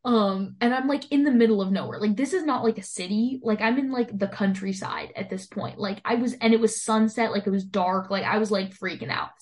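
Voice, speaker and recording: A woman's voice: mid-range voice, fairly quick, few pauses. Young woman, casual chatty storyteller, voices the people in her story, lots of "like". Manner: animated storytelling, heavy use of "like", acts out quoted lines. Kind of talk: casual chat.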